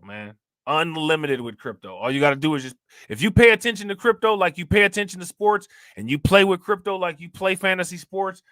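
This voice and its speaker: A man hosting a casual crypto livestream, chatting in relaxed slang, laughing often and thanking viewers for their comments. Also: medium pitch, no echo, studio quality. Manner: laid-back slangy talk with frequent laughs. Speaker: crypto channel host.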